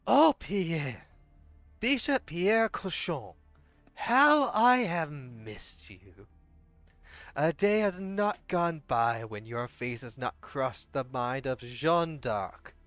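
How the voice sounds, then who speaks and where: A streamer reading a game story aloud live and voicing a cruel, vengeful young woman who calls herself a witch, taunting slowly and theatrically. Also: medium pitch, lively intonation, no echo, faint music behind. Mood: mocking. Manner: slow, taunting and theatrical, dropping to a menacing hush.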